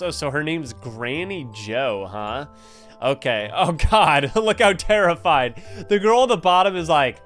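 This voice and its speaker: An excitable young man narrating a scary game as he plays, his voice sitting a little high. He jokes, reacts loudly and keeps the commentary rolling, with soft music underneath. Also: a little slow. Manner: excitable, jokey, exclaims often. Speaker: gaming video host.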